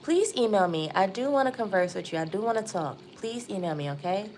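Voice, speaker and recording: A woman doing a live tarot reading, chatty and excitable, calling her viewers y'all. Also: mid-range voice, fairly quick, slight background noise. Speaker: tarot reader.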